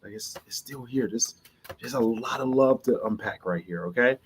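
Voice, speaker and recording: A man's voice: mid-range voice, normal speed, slight background noise. A man from the Midwest talking as a love coach on a podcast, emphatic, often restarting phrases and coaxing the listener to see his view. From Chicago, US Midwest. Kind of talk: podcast interview talk.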